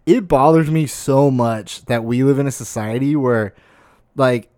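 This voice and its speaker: A man's voice: medium pitch, a little slow, darkish tone, dry recording. A young man streaming from home, ranting in a casual, exasperated and profane way with lots of fillers, close to his desk mic.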